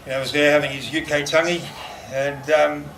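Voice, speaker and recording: A man's voice: on the high side, level tone, brisk, creaky, a bit bright. A middle-aged man giving a rambling memorial speech, full of fillers and laughing through anecdotes. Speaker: eulogist at a memorial. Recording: distant mic with background noise.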